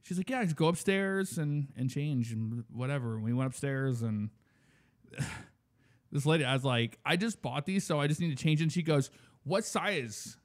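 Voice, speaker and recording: A man's voice: medium pitch, normal speed. A man telling a story in loose, casual chat. He acts out the lines of the people he met as he goes. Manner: animated storytelling, acts out voices.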